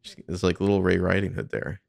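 Man, deep gravelly voice, casual commentary, swears freely, dry recording. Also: animated, fast talker, no echo. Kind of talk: casual commentary on behind-the-scenes footage.

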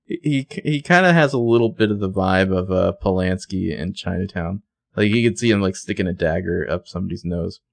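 Gravelly low-voiced man chatting. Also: brisk, no echo. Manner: enthusiastic, lots of "like" fillers. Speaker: podcast co-host. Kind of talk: casual recap chat.

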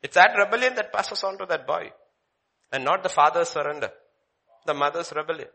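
A man preaching a sermon, his voice sitting a touch high and sounding bright and forceful. He is dramatic, swinging from loud declaiming to hushed, low lines, with a very lively rise and fall in pitch. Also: fairly quick, vocal fry.

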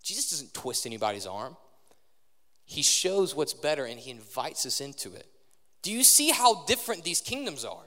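Young male preacher, higher voice, casual sermon with crowd questions, long church-hall reverb. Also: bright, forceful tone. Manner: conversational, quizzes the audience. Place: large church hall with live audience.

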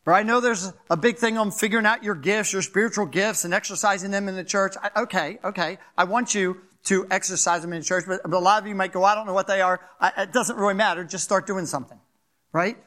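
An older man with a Philadelphia accent preaching a sermon as pastor, talking fast and animated and often asking the crowd "right?". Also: high voice.

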